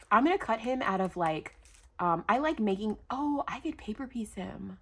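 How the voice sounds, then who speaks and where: A woman's voice: on the high side, lively intonation, brisk, fairly bright tone. A middle-aged woman vlogging a craft-mail unboxing, gushing and exclamatory as she talks to her viewers. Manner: gushing, exclamatory, addresses viewers as "you guys". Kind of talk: excited unboxing chat.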